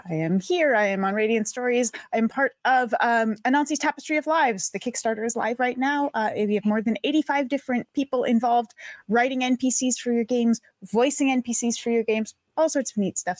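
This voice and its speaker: A woman's voice: a little high, no echo, studio quality. A woman introducing herself as a tabletop game player in a wry, upbeat way. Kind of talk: casual self-introduction.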